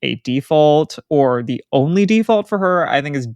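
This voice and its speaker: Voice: mid-range voice, animated, moderate pace, darkish tone, dry recording. A podcast co-host in casual book-club chat, analytical and wry.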